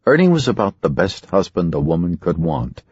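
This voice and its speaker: A man narrating a thriller audiobook in a measured, suspenseful way. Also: deep voice, big pitch swings, darkish tone, breathy edge, dry recording, lo-fi sound. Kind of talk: scripted narration.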